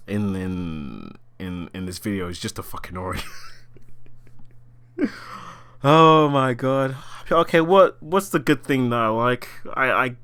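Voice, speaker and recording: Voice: medium pitch, bright, forceful tone, smooth. A vlogger giving a casual spoken rant about a film they just watched, exasperated, swearing often and laughing in disbelief. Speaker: movie reaction vlogger.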